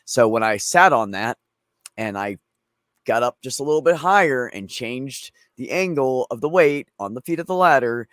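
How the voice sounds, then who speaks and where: A man rambles through a story as host of a casual chat, swearing freely as he goes. His voice sits in a middle pitch. The sound is dry and close, with no room. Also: animated, moderate pace, a bit bright, no room sound. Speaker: streamer host.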